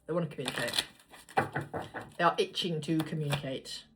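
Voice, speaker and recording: A woman's voice: sits low, a little fast, background noise. A woman giving a casual tarot reading to viewers, chatty and blunt, swearing freely as she draws cards. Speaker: tarot reader.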